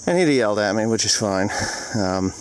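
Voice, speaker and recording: A man's voice: fairly low pitch, lively intonation, fairly quick, clean tone, dry recording, poor audio. A middle-aged male farmer filming a casual vlog outdoors in the fields, out of breath from walking, rambling and frank.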